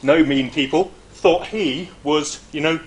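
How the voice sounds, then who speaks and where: A middle-aged man, a university lecturer, giving an informal academic presentation in a lively, chatty way with frequent hesitations and asides. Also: fairly high pitch, slow.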